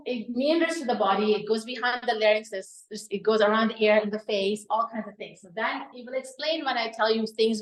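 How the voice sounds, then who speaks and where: Woman with a slightly high voice teaching a wellness class, keeps asking "right?". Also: rough recording. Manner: explains with questions and frequent "right?". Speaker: wellness presenter. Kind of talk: live health talk to an audience.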